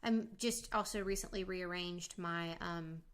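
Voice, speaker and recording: A young adult woman casually walking through her budget, talking in a relaxed way with frequent fillers and restarts while snacking. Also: lowish voice, a little slow. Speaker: vlogger.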